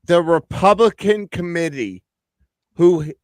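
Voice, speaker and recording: A man co-hosting a live sports betting stream, joking crudely and breaking into excited outbursts. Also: high voice, a little slow, no room sound. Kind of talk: casual banter on a live stream.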